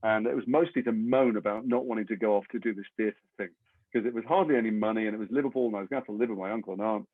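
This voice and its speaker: An English actor being interviewed, telling long rambling anecdotes with self-deprecating humor. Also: male voice, lowish voice, racing, no echo. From England. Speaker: actor guest. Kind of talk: interview storytelling. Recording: tinny phone-like line, dry.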